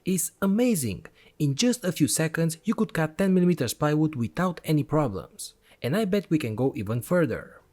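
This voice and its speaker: A man's voice: on the high side, animated, fairly quick, hardly any pauses, a little mellow. A man hosting an electronics channel, narrating a product review voice-over in an enthusiastic, step-by-step explanatory way.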